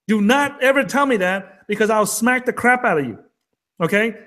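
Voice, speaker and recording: A man's voice: sits high, expressive, normal speed, fairly bright tone, slight background noise. A man co-hosting a trading talk show, talking in an emphatic, fired-up rant. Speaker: co-host of a crypto trading show. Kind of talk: casual chat.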